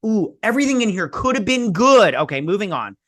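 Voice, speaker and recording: A man's voice: high-pitched, big pitch swings, brisk, fairly bright tone, no room sound, studio quality. A man hosting a casual review vlog, blunt, sarcastic and dismissive in tone. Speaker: host.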